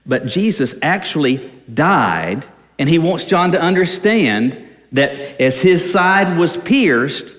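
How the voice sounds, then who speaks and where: A man preaching a sermon in an earnest way, pausing and restarting as he speaks. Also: a little high, big pitch swings, fairly bright tone, in a large hall. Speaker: pastor.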